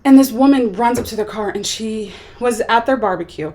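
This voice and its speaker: A woman's voice: fairly high pitch, brisk, warm tone. A young woman vlogging a casual movie review, rambling and chatty with lots of filler words. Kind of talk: casual chat.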